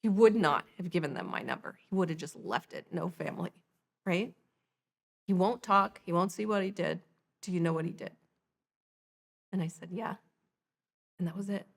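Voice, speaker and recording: A woman's voice: lowish voice, moderate pace, gravelly, pauses often. A middle-aged woman, a podcast guest, telling her personal story with animation and acting out the dialogue. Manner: animated, acts out quoted dialogue. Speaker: guest, nonprofit founder.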